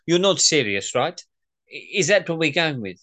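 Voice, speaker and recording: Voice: medium pitch, very animated, takes it slowly, a bit bright. A performer reading a demanding, impatient male boss on a call in a comedy table read, brusque and exasperated.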